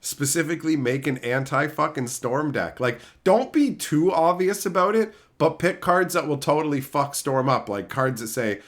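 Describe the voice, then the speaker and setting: A man's voice: a little high, animated, normal speed, few pauses. A male streamer casually answering chat questions in a profane, rowdy, mocking way.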